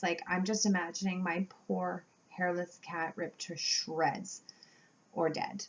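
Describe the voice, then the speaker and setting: Animated woman telling a story, lo-fi. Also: fairly low pitch, measured pace. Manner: animated storytelling, acting out quotes with laughs. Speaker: vlogger. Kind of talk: storytime vlog.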